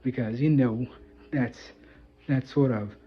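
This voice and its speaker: A man voicing a blunt, crass Texan man who talks in a gruff, rambling, slangy way. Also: medium pitch, slow. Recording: dull lo-fi audio.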